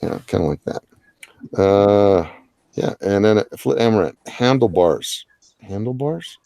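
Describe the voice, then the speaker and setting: This livestream host of a drawing challenge has a fairly low, creaky voice with a dark, smooth tone, and the recording carries no room sound. Speaking at a moderate pace, he chats casually, rambling with plenty of filler words and joking on the side.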